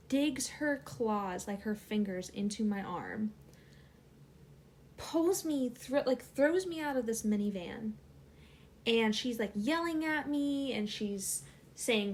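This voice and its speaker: A woman's voice: fairly high pitch, animated, slow, a little mellow. A young adult woman, a channel host, telling a personal story casually with many fillers.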